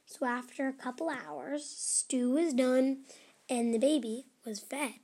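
A woman narrating children's stories with a high, bright pitch and a slow, unhurried pace. Her delivery is animated and sing-song, as if reading to young listeners. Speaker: storyteller host.

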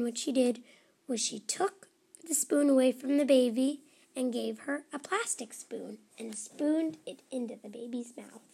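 A woman narrating children's stories with a high, bright pitch and a slow, unhurried pace. Her delivery is animated and sing-song, as if reading to young listeners. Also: gravelly, breathy edge. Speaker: storyteller host.

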